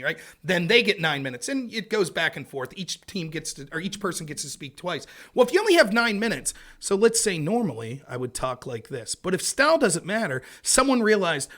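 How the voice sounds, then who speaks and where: A man talking as a guest in a casual interview, fast and energetic, full of asides. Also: sits high. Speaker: interview guest, debate show host.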